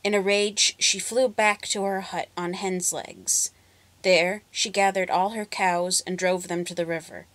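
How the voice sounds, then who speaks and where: A woman storyteller narrating a folk tale with expressive, dramatic pacing. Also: fairly low pitch, measured pace, dry recording.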